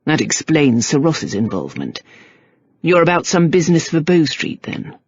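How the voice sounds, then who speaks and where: A stern, commanding nobleman, as a woman reads him in an audiobook, pitched low and speaking with a husky edge. He is curt and authoritative. The studio sound is dry and a little muffled. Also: big pitch swings, moderate pace, dry recording, full character voice. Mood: cold. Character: stern commanding male earl.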